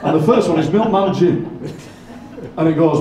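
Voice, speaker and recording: An older man performing for a live audience as a poet, with playful, deadpan, self-mocking stage patter. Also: on the high side, moderate pace. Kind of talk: comic stage patter leading a singalong. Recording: echoey hall from far off with audience.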